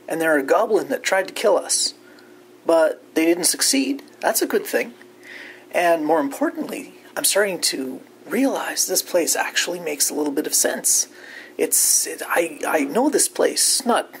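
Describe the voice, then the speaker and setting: Wry, upbeat speaker with gravelly fry. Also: medium pitch, a little hiss or hum. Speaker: player recapping in character. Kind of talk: in-character session recap.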